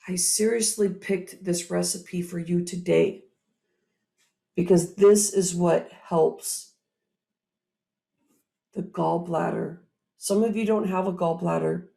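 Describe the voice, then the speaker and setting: Woman, host, motivational talk, animated, upbeat, gravelly, mid-pitched. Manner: animated, upbeat, speaks to audience directly.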